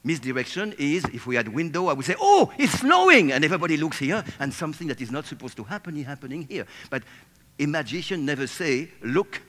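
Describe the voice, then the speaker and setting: A man's voice: a little high, quick pace, long reverb tail. A man giving a playful, theatrical storytelling talk, seated at a table on stage. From France. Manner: animated, playful, acts out scenes and voices.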